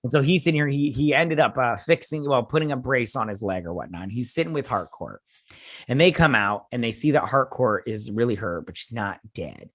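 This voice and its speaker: A man hosting a casual recap and review of a show's finale, rambling and excitable, often acting out what the characters say. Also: medium pitch, fairly quick, no room sound, studio quality. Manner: rambling, excitable, with frequent restarts and acted-out quotes. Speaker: host.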